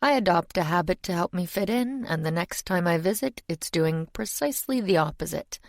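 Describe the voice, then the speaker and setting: A woman's voice: fairly low pitch, lively intonation, normal speed, no echo. A woman reading an audiobook voices a polite, world-weary male demon who speaks in a genial, dry tone. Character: genial ancient male demon, urbane, chain-smoking.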